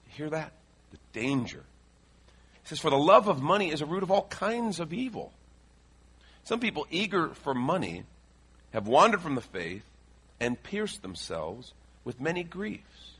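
A man's voice: fairly high pitch, very animated, measured pace, pauses often, a bit bright, slightly rough. A male pastor from the Chicago area preaching a sermon, reading scripture aloud and adding joking asides.

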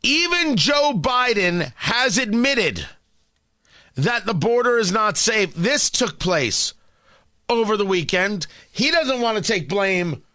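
A man's voice: high-pitched, big pitch swings, slow pace, pushed and bright, no echo, studio quality. A man hosting a morning radio talk show, giving emphatic, incredulous opinion commentary full of rhetorical questions. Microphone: studio microphone.

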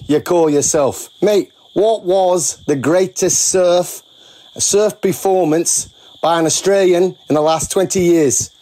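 A man's voice: sits high, mellow. A man from England, leaving a chatty, blokey call-in message in short clipped phrases. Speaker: caller.

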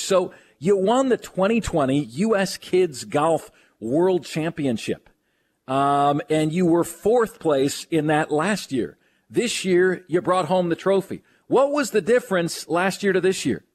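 A man's voice: animated, measured pace, darkish tone. A man hosting a sports radio show, enthusiastic and joking as he interviews a guest. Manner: enthusiastic, joking, swings pitch widely.

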